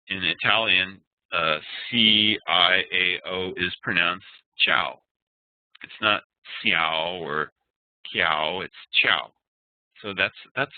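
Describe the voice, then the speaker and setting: A man's voice: on the low side, dry recording. Man teaching over tinny web-meeting audio. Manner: explanatory, patient, spells out sounds. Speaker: Ayurveda instructor. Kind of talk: online class lecture. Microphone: computer mic on a web meeting.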